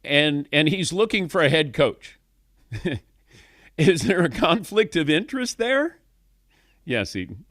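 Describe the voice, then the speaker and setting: A man's voice: on the high side, sing-song, slow pace, long pauses, a bit bright, no room sound, clean studio sound. A middle-aged man hosting a sports talk radio show, wry and questioning, chuckling often. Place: radio studio.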